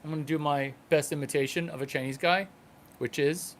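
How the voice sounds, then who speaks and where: Man, stand-up comic, fairly high voice, choppy phrasing, numbered points. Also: fairly even intonation, fairly bright tone. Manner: halting, broken into short numbered points. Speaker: stand-up comedian. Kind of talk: comedic monologue.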